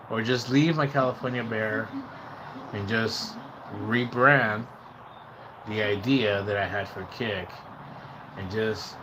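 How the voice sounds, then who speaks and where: A man hosting a casual livestream, chatting and rambling to his viewers, mixing in Spanish words and breaking into excited whoops. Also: medium pitch, noisy background. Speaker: livestream host.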